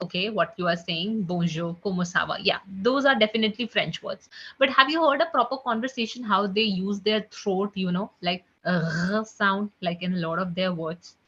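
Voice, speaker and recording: Woman tutor on a video call, bright voice, chatty, says guys a lot, muffled call audio. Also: mid-range voice. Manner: chatty, keeps saying guys and okay. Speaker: online French tutor. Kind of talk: live online class.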